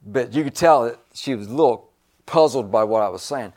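A man preaching a sermon, emphatic and repetitive, swinging between loud stresses and hushed asides. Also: medium pitch, a little fast.

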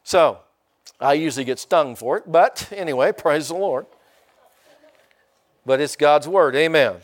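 A man's voice: fairly high pitch, unhurried. An older man from Indiana preaching a sermon in a folksy way, often calling out for amens. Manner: folksy, calls for amens from the congregation. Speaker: pastor.

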